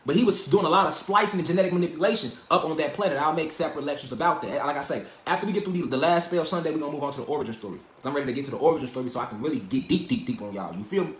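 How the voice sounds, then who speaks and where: Male lecturer, high voice, profane preachy monologue, roomy echo. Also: rapid-fire, few pauses, slight background noise. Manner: emphatic, profane and swaggering, hammers points with repeated rhetorical questions. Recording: echoey room.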